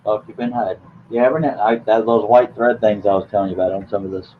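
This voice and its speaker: A man's voice: fairly low pitch, fairly even intonation, quick pace. A man hosting a late-night live stream in a casual, rambling way, teasing his guest with jokes. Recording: tinny phone-like line with faint hiss.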